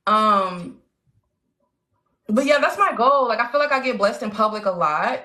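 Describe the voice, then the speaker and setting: A woman hosting a casual live chat, excitable and slangy, laughing often as she talks. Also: a little high, normal speed. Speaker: livestream host.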